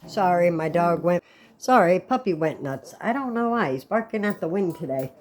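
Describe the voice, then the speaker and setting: A woman with a fairly low voice hosts her own casual vlog. She gives her views bluntly and with strong opinions. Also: expressive, moderate pace, very noisy. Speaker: channel host.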